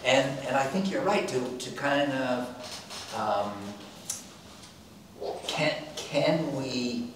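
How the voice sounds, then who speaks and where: A man who works at the gallery, recalling a past exhibit in a halting way with many pauses and restarts. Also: mid-range voice. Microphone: far from the microphone. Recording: distant, very echoey room with faint room noise.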